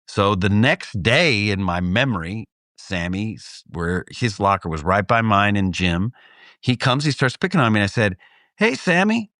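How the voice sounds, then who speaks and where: A middle-aged Texan co-host tells a casual story on a podcast at a normal speed, laughing often. He's animated, acting out the voices of people in his anecdote so his pitch swings widely. The recording comes from a dry, close studio mic with no room sound.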